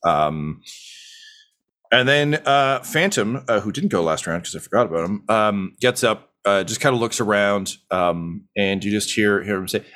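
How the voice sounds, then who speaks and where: A man with a lowish voice narrates a tabletop role-playing game as game master. He rambles casually, fills pauses with ums and uhs, and chuckles as he goes. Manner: relaxed and rambling, many fillers, laughs easily.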